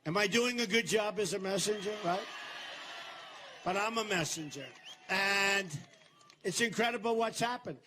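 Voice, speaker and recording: An older man giving a campaign rally speech in a large venue, boastful and repetitive, turning to the crowd with asides and shouted slogans. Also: high voice, moderate pace, long pauses, a little hiss or hum. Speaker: political candidate.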